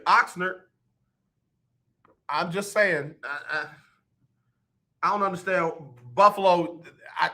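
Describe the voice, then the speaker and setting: A man's voice: high-pitched, pushed and bright. A man hosting live sports talk radio, joking and repeating his points for effect into a studio microphone.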